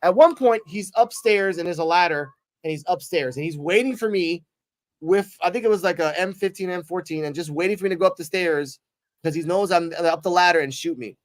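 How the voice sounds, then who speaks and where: High-voiced animated host. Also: male voice, a little fast. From Puerto Rico. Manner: animated storyteller, swears freely, acts out voices. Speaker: host interviewing a streamer. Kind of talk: casual podcast interview.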